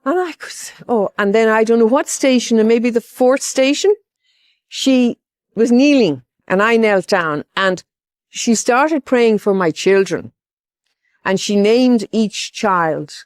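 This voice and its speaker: A woman's voice: fairly high pitch, expressive, takes it slowly, no echo, studio quality. An older woman from Ireland giving a personal testimony as a pilgrim, rambling and heartfelt, with many asides.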